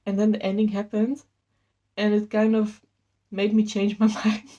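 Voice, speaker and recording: An eager woman talks casually about her reading, rambling a little and sounding slightly out of breath. Her voice is mellow and warm, at a middle pitch, and her pitch jumps upward when she gets excited. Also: normal speed, dull audio. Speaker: book vlogger. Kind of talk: casual chat.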